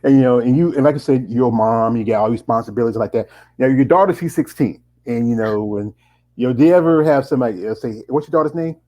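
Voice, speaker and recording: Man, 40s, interview host; loose, rambling delivery full of restarts, middle pitch. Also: quick pace, warm tone, low-quality recording. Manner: rambling, with many restarts and fillers. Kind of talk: casual interview chat.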